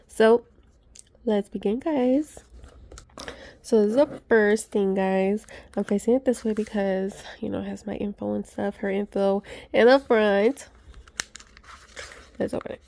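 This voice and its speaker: A woman chatting excitedly to her viewers as she unboxes gifts, gushing and talking to her audience. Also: medium pitch, measured pace, gravelly, pauses often, dry recording. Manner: gushing, chatty, many gasps and asides to viewers. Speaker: vlogger.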